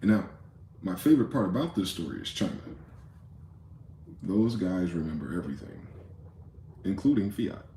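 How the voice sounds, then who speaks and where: A man's voice: low-pitched, expressive, normal speed, long pauses, mellow, roomy sound, a little hiss or hum. A man hosting a rambling late-night monologue, profane and conspiratorial in tone, with many asides. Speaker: host.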